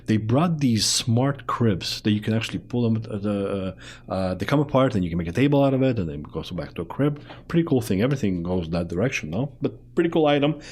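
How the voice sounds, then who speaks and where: A chatty male talk show host with a noticeable foreign accent. His voice sits fairly low, and he bounces from topic to topic with lively energy. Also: fast, breathy edge. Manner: chatty, animated, jumps between topics. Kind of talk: casual interview chat.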